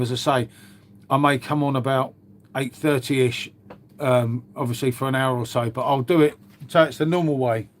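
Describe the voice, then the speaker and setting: A man's voice: mid-range voice, slight background noise. A middle-aged man, chatting casually and rambling to viewers as a livestream host. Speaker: livestream host reading chat. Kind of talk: casual live chat.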